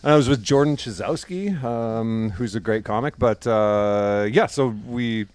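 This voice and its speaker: A man, a guest comedian, telling a rambling story on a podcast, laughing as he goes and trailing off quietly. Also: mid-range voice, a little slow, clear, resonant tone. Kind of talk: casual storytelling.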